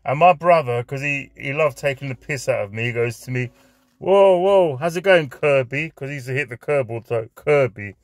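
A man's voice: mid-range voice, brisk, few pauses, no echo. A man, telling a rambling anecdote, swearing freely and dropping Greek phrases in. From north London. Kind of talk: anecdotal storytelling.

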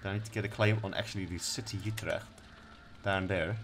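A man's voice: low voice, steady tone, quick pace, a bit bright, slight background noise. A young man doing casual let's-play commentary, laid-back, swearing now and then and reading game text aloud. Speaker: gaming streamer.

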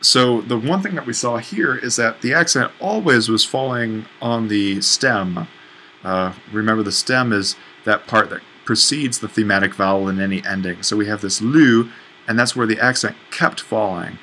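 A man's voice: on the low side, bright, forceful tone, a little hiss or hum, poor audio. A man teaching a language lesson at a whiteboard, explaining patiently and correcting himself as he writes. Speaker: Greek instructor.

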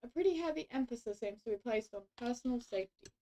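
A woman's voice: fairly high pitch, expressive, fast, noisy background, lightly acted. Gossipy royal advisor, read out by a woman. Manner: reads game dialogue aloud with gossipy emphasis.

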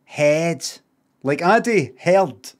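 A middle-aged man with a Glaswegian accent, chatting casually on a live stream, animated and emphatic and swearing freely. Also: mid-range voice, measured pace.

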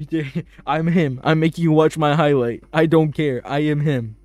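A man's voice: a little high, fairly even intonation, measured pace, a little mellow, no echo, faint music behind. A young man giving casual gameplay commentary in a boastful, playful, hyped-up way, repeating himself for fun. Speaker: gaming YouTuber.

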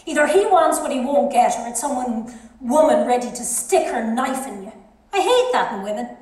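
An actress playing a frank, earthy middle-aged wife musing aloud in bed, wry and chatty. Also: female voice, expressive, normal speed, a little mellow, natural voice. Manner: chatty, wry, swinging pitch. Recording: very echoey hall.

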